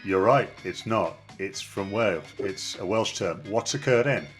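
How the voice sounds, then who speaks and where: A man's voice: fairly low pitch, measured pace, faint music behind. A man from the East Midlands hosting a casual quiz, upbeat and jokey as he poses questions. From East Midlands, England. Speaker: quiz host. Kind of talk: casual chat.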